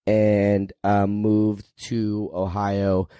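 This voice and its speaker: A man's voice: on the low side, completely flat delivery, very slow, mellow, clean tone, dry recording, clean studio sound. A man who is a podcast guest, telling stories in a casual, crude and joking way and swearing freely. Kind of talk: casual storytelling.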